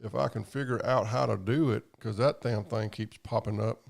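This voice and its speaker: A man's voice: fairly low pitch, fairly even intonation, normal speed, gravelly. A man hosting a live stream, chatting casually and profanely while reading viewer comments. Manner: rambling, profane, drawling. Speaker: livestream host.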